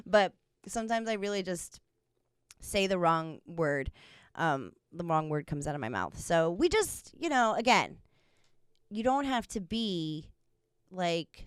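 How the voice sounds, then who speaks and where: A woman's voice: lowish voice, clear, resonant tone, no room sound, studio quality. A young woman co-hosting a podcast in casual chat, rambling with lots of fillers and frequent laughter. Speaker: podcast co-host.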